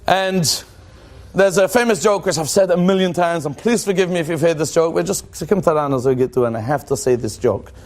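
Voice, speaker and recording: A man, a rabbi, teaching a Torah class in an animated, joking way and asking his listeners questions. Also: on the high side, a little fast.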